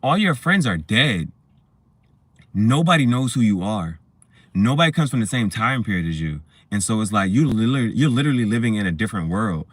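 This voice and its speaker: A man's voice: on the low side, very animated, a little fast, no echo. Rambling, foul-mouthed man reviewing a movie. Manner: rambling, profane, laughs while retelling scenes. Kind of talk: casual spoken movie review.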